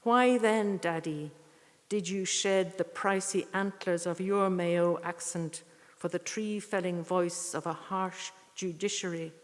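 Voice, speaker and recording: A woman giving a poetry reading with short spoken introductions, earnest and unhurried, with thoughtful pauses. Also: lowish voice. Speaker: poetry reader at a tribute evening. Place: church. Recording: echoey church hall.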